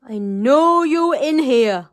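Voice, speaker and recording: A woman's voice: animated, slow, faint music behind. Woman doing a blustering storybook dragon. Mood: menacing. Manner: loud, theatrical, breaks into high laughter. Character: huge fire-breathing male dragon, blustering.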